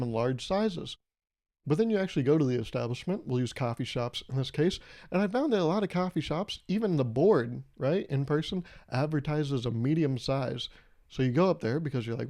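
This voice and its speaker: A young man with a warm, slightly high voice hosts a solo podcast, delivering a comedic monologue. He riffs in a wry, rambling way and acts out little scenes.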